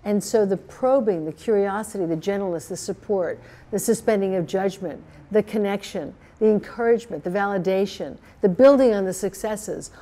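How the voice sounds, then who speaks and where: A woman's voice: medium pitch, normal speed, few pauses, warm tone. An older woman, a pioneer of coaching, talking earnestly to camera and building long lists of phrases. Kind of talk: reflective talk to camera.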